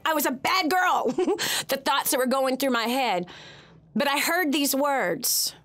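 A woman's voice: sits high, expressive, slow, a bit bright. A woman hosting a Christian talk radio show, telling a personal story with emotion and animation.

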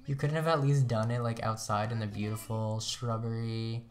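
A man's voice: medium pitch, fairly even intonation, moderate pace, slight background noise. A young man casually commenting on his gameplay as a let's play host, chatty and rambling, often laughing at himself.

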